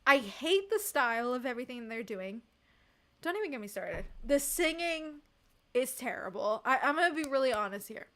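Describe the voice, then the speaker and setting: A woman streamer chatting casually on a livestream and reading from the chat, emphatic and expressive, laughing often. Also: sits high, normal speed.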